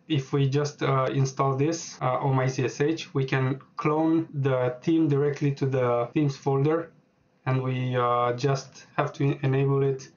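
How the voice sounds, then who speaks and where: Hesitant man with a dull lo-fi mic. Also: medium pitch. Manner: hesitant, many filler words, talks while typing. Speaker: programming tutorial host. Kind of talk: screen-recorded software tutorial.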